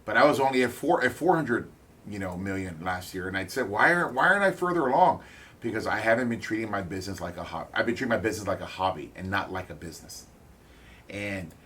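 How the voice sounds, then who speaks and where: Man, low register, blunt investor talking shop, quick bursts and restarts, salty language. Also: a bit bright. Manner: blunt, swears, fast bursts with halting restarts. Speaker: real estate investor and business owner. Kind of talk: candid motivational talk.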